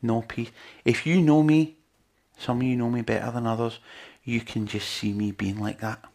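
A man's voice: medium pitch, steady tone, normal speed, a little mellow. A man preaching a sermon in an earnest, conversational way, with lots of rhetorical questions to his listeners.

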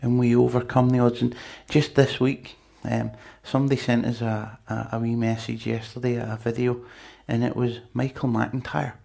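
Male preacher, conversational sermon delivery, husky with gravel. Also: mid-range voice, level tone, moderate pace, hardly any pauses, dark tone. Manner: conversational, chatty with asides to the congregation.

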